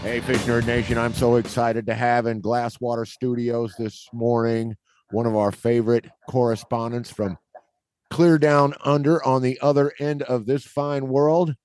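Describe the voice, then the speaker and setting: A man hosting a podcast in a chatty, upbeat way, quick to laugh. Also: mid-range voice, level tone, a little mellow, faint music behind. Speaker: podcast host. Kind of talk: casual podcast chat.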